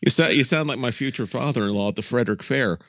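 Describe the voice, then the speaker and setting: A man co-hosting a podcast in casual comedic chat, an animated storyteller who slips into other people's voices. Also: medium pitch, quick pace, dry recording. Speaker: podcast co-host.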